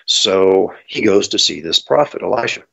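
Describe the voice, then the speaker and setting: A man's voice: deep voice, animated, normal speed, gravelly, fairly bright tone, husky. A man teaching about the Bible in a conversational way, thinking aloud with fillers, on a dull lo-fi recording. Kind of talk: explanatory Bible teaching talk.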